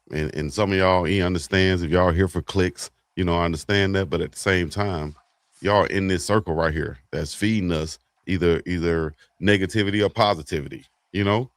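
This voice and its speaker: A man co-hosting a casual sports talk show, slangy and animated, acting out quotes. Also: sits low, moderate pace, no room sound. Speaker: co-host.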